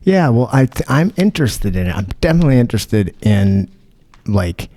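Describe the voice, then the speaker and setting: A man's voice: mid-range voice, big pitch swings, moderate pace, mellow, no room sound. A man hosting a podcast in casual chat. He rambles, swears freely and restarts his sentences. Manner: rambling, profane, many restarts. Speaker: podcast host.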